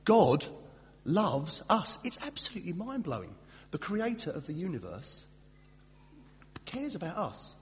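A man gives a relaxed Christmas sermon in a chatty, self-deprecating way, stumbling over a word now and then. His voice hangs in a long hall reverb. A faint hum sits under the recording. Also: mid-range voice. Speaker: pastor.

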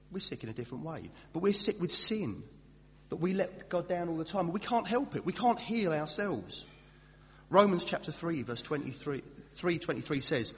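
A man preaching a casual Christmas sermon, chatty and self-deprecating, with fillers and restarts. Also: a little high. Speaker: pastor. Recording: distant reverberant hall with faint hum.

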